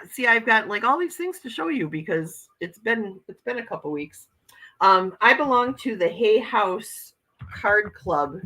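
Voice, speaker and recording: A woman's voice: mid-range voice, sharp tone, a little hiss or hum, rough recording. A woman hosting a casual morning livestream, chatting with viewers and reading their comments aloud as she shows oracle card decks.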